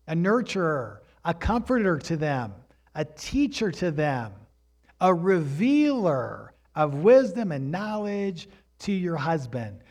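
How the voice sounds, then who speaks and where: A middle-aged man preaching a sermon, mixing plain exhortation with a personal story told in a relaxed, conversational way. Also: a little high. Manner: rises to emphatic exhortation. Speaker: pastor.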